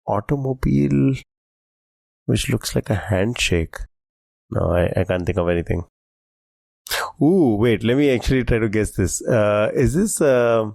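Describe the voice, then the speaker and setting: A man's voice: on the low side, vocal fry, darkish tone, dry recording. A man co-hosting a quiz podcast, chatting casually and enthusiastically, thinking aloud as he guesses. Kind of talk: casual chat.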